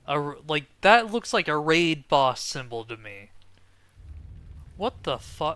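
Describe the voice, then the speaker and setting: A man's voice: on the high side, lively intonation, a little slow, sharp tone, clean tone. A man playing a fantasy online game, joking and reading quest text aloud. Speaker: gamer. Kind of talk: casual game commentary.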